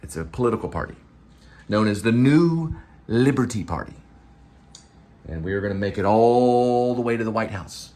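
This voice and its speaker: A man's voice: on the low side, expressive, normal speed, pauses often, darkish tone. A man, an actor and vlogger, chatting in a rambling, casual way and drifting from one topic to the next. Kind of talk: casual vlog chat.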